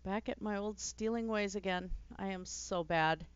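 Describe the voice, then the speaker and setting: A woman's voice: medium pitch, moderate pace, smooth, highs cut off. A woman streaming a let's play, chatting casually and giggling as she plays, often trailing off into fillers. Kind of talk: casual gameplay commentary.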